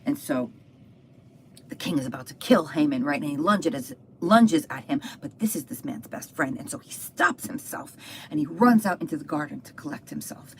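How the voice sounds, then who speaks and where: Brief: low-pitched woman teaching scripture, lively and conversational, retelling a story with asides. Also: slight background noise. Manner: animated, chatty asides. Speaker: Bible teacher. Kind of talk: live Bible story retelling.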